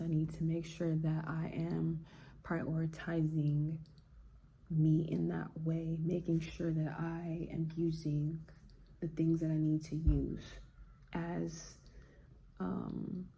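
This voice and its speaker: A woman vlogger talking in a relaxed, slangy, reflective way. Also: low-pitched, vocal fry, slightly rough. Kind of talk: casual chat.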